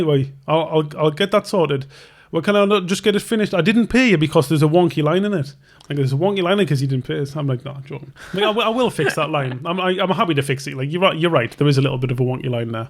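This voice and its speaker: A brisk, higher-pitched male voice belongs to a young tattoo artist and podcast host. Telling a long story in a loose, rambling way, he keeps interrupting and restarting himself while acting out both people's lines.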